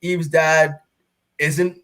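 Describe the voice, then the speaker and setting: A man's voice: a little high, level tone, very slow, bright, forceful tone. Rambling man recapping a comic. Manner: rambling recap full of fillers and acted-out quotes. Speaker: podcast co-host. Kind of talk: casual comic book review chat.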